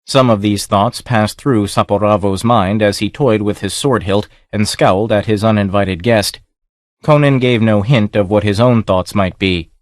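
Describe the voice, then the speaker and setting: A male audiobook narrator with a low voice delivers scripted narration at a moderate pace. The studio-quality recording has no room sound.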